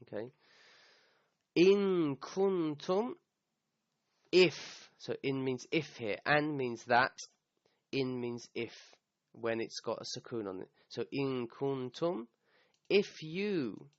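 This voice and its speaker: Walking through a grammar lesson point by point, a man who teaches the Quran speaks a little slowly, in a mid-range, fairly bright voice with lively intonation. He recites Arabic verses and keeps asking "okay?" to check in. The recording sounds slightly dull and completely dry, with no room sound.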